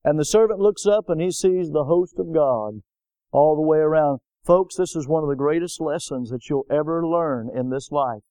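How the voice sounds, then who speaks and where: A man's voice: a little high, moderate pace, warm tone, clear, resonant tone, no room sound. A man preaching a sermon emphatically and putting questions to his congregation. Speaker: pastor.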